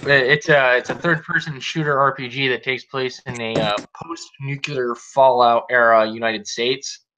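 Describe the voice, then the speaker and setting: Bright-voiced male stream host. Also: mid-range voice, steady tone, moderate pace, dull audio, slight background noise. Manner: talkative, explains at length, restarts words. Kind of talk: casual chat on a live stream.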